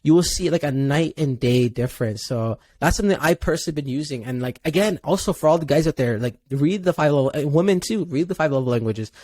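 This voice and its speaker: A man's voice: a little high, animated, fast talker, hardly any pauses, warm tone, no echo. A man hosting a podcast, earnestly sharing personal advice with listeners. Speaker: podcast host. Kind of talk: casual podcast interview.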